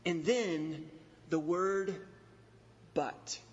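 A pastor preaching an expository sermon, emphatic, repeating key phrases and slowing on stressed words. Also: male voice, high voice. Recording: dull recording in a reverberant hall.

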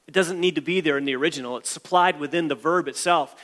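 A man's voice: on the high side, fast talker, a bit bright, big-room sound. A male pastor delivering an emphatic sermon, repeating phrases and restarting as he builds each point.

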